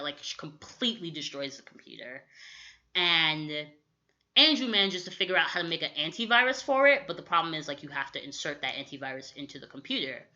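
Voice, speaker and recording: Lively young woman recapping with bright energy. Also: low-pitched. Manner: animated storytelling with quick acted-out quotes, lots of "like". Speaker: podcast co-host recapping a movie. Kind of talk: casual chat. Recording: dull lo-fi audio.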